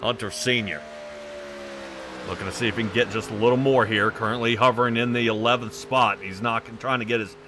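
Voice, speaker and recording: A man's voice: on the low side, fairly even intonation, a little fast, background noise. A man doing casual, chatty play-by-play for a sim racing broadcast, often trailing off and laughing.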